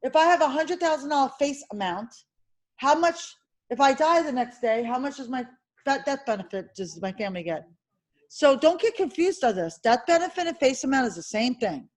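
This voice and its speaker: A woman teaching an insurance licensing class, quizzing students with rapid questions and emphatic reminders. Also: sits high, poor audio. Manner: emphatic and animated. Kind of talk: classroom review lecture.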